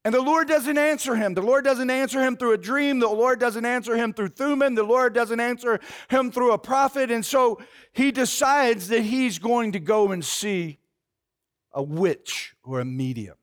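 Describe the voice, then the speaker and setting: A male preacher giving a sermon, retelling a story in an animated way with casual fillers. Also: extremely high pitch, moderate pace.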